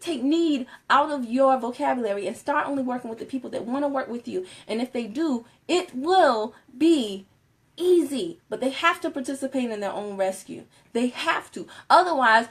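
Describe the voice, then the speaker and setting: This is a woman hosting a casual live stream. Her voice sits high and bounces with animation. She chats with viewers, laughs easily and keeps an informal, talkative flow. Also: fairly bright tone. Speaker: Facebook Live host.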